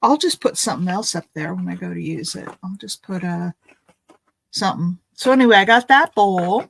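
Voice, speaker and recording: A woman's voice: lowish voice, animated, moderate pace, gravelly, a little hiss or hum, rough recording. A woman making a craft video, chatting in a rambling, thinking-aloud way as she opens gifts at home. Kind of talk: casual chatty unboxing.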